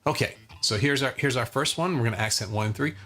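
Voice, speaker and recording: A man teaching a live online guitar lesson in a relaxed, chatty way, counting beats aloud as he strums. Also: mid-range voice, fast talker. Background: acoustic guitar strumming.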